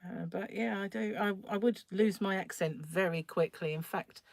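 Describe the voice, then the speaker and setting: A woman's voice: mid-range voice, moderate pace, gravelly, no room sound. A middle-aged woman, chatting casually on a crochet live stream, laughing often and greeting viewers by name. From England, North London.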